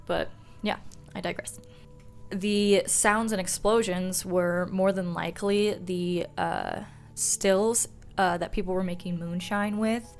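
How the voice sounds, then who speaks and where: A woman's voice: medium pitch, rough recording. A young woman telling folklore on her vlog in a loose, profane, self-mocking way. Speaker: folklore vlogger. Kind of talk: casual storytelling vlog.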